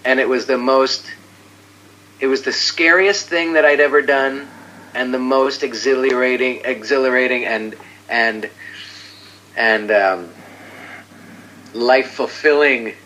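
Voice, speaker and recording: A man speaking as an interview guest in casual chat, rambling and excitable, often trailing off and restarting, with a self-mocking chuckle. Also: mid-range voice, a little slow, pauses often, a little hiss or hum, poor audio.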